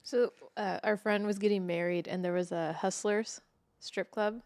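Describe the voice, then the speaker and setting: A young woman tells stories on a podcast in an animated, profane way, doing the voices of the people in them. Her voice sits at an ordinary pitch and is recorded close and dry, with no room sound. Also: normal speed, dry recording. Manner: animated storyteller, swears freely, acts out quotes. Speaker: podcast co-host. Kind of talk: casual chat.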